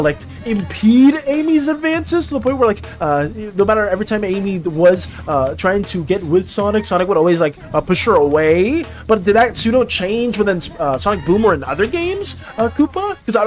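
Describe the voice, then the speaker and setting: An art streamer chatting casually with viewers during a live stream, full of playful mock outrage and chatty filler. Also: high voice.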